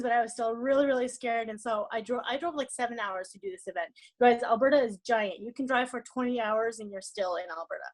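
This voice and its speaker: A woman on a team call, telling a personal story about stage fright, fast and emotional, often repeating words. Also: fairly high pitch. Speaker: network marketing team leader. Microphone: call or stream mic.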